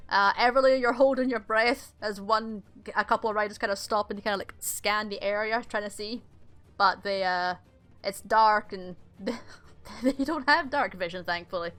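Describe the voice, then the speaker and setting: Bright-voiced woman running a tabletop game. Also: mid-range voice, normal speed, soft background music. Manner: casual, rambling with fillers and laughs. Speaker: game master.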